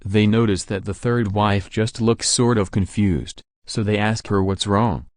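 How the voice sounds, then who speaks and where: A man reading a string of jokes aloud in a flat, even delivery. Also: fairly low pitch, unhurried, few pauses, no room sound, clean studio sound. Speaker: joke narrator. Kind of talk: scripted joke reading.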